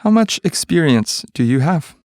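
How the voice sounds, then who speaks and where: Male reader for language drills, measured and clear, slightly raised pitch. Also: dry recording, clean studio sound. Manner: clear, even, measured delivery of single sentences. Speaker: reader of practice sentences. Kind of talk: reading English practice sentences.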